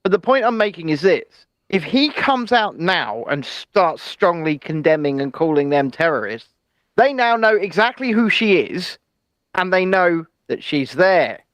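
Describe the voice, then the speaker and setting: A man's voice: sits high, big pitch swings, a little slow, fairly bright tone, no room sound. A man co-hosting a casual news chat show, talking in an opinionated, chatty way with hedging asides. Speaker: co-host.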